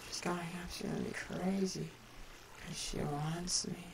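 A woman giving casual game commentary as host, chatty and talking straight to her viewers with sudden excited outbursts. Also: fairly low pitch, a little slow, vocal fry, slight background noise, low-quality recording. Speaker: gaming video host.

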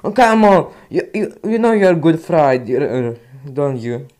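A man's voice: fairly high pitch, lively intonation, a little slow, warm tone. A young man with a Greek accent, commentating his own gameplay and swinging between frustrated mutters and outbursts. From Greece. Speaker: gaming YouTuber.

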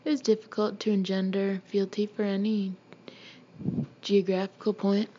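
A woman reading a novel aloud in a steady, measured way, now and then clearing her throat. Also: mid-range voice, highs cut off, a little hiss or hum. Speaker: audiobook reader.

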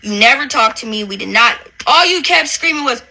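A woman's voice: sits high, expressive, a little fast, creaky, pushed and bright. A woman ranting angrily and profanely on a livestream, hurling insults at someone who wronged her. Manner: profane, confrontational, repeats "bitch" constantly. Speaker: reality TV personality on a livestream.

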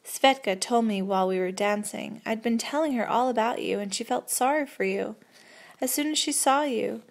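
A woman's voice: on the high side, vocal fry. A woman reading a jittery, muttering young man. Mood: agitated. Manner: muttering, sour and hurried. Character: nervous agitated young man, slangy and blunt.

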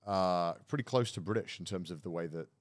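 Guy hosting a podcast, talks real fast, dry close sound. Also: deep voice, no room sound. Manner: fast, chatty, trails off quietly. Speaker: podcast host. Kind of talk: casual group chat.

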